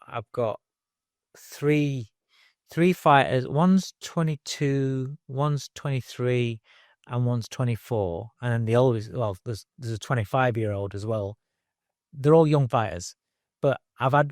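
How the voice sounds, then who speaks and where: A middle-aged man speaks in an even middle register, close to a dry microphone. He tells his story earnestly and casually, circling back and restarting his sentences as he goes. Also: mid-range voice, unhurried, no echo. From Britain. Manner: earnest, repetitive, stumbling restarts, casual slang. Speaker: boxing trainer, guest. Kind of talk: candid interview storytelling.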